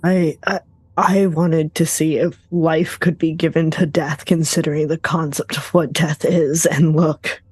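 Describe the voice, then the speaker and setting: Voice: mid-range voice, flat delivery, unhurried, darkish tone, breathy edge, dry recording. A player voicing a cold, ambitious woman scientist who justifies meddling with death in a self-assured way, in a tabletop role-play. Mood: cold defiance.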